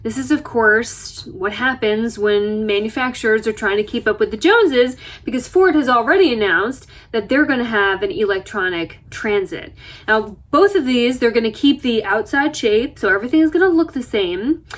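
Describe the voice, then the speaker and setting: A woman vlogger from the United States talking in a chatty, self-deprecating way, telling stories with lively asides. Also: fairly high pitch, normal speed. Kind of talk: casual chat. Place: RV interior.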